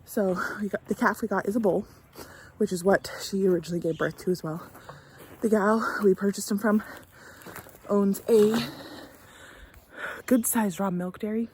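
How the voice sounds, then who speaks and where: A woman's voice: medium pitch, fairly even intonation, normal speed, long pauses, darkish tone, slight background noise. A young woman vlogging from her barn, talking casually to the camera and her cow, emotional and tearful at times. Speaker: homesteader vlogger. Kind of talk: casual vlog talk to camera.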